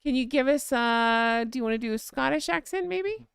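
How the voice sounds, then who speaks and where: A chatty woman hosts a live stream, reading viewer comments aloud with a gushing, easily amused manner. Her voice sits a little high, with a smooth, resonant tone and a gravelly fry at the ends of phrases. The sound is close and dry. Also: animated, no room sound. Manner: chatty and gushing, quick to laugh. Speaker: host of a live-stream chat.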